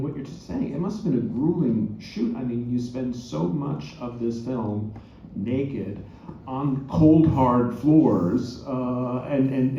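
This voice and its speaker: A man moderating a stage talkback, posing questions in a measured way. His mellow voice rings through a heavily echoing theater, with a dull, lo-fi sound and faint room noise. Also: mid-range voice. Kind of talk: live stage interview. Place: theater auditorium. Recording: echoey, dull theater audio.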